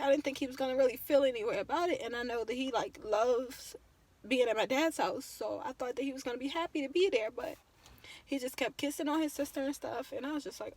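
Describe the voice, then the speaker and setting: A woman's voice: sits high, fairly quick, a little mellow, breathy edge. Tearful young woman telling a story. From Virginia. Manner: emotional, tearful, casual storytelling. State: close to crying. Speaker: vlogger. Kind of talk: personal storytelling vlog.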